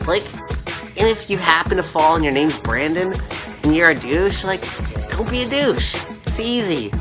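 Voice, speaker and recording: A man's voice: fairly high pitch, animated, normal speed, over music. A young man ranting casually to camera as a vlogger, with lots of slang and fillers, in a mocking tone.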